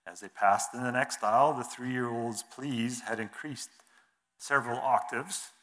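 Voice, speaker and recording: A man giving a sermon in an earnest, measured way, reading scripture and telling an illustration, his phrases trailing off softly. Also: medium pitch. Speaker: preacher.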